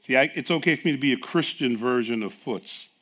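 A man's voice: mid-range voice, fairly quick. A middle-aged man preaching a sermon, telling stories with acted dialogue and frequent laughs. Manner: animated storytelling with acted dialogue, laughing often. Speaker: pastor.

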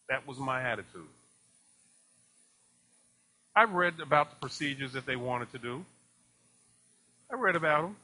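A man's voice: a little high, moderate pace, pauses often. A man preaching a sermon, asking the congregation questions and acting out conversations with laughter. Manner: animated preaching, rhetorical questions, acts out dialogue with laughs. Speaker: pastor.

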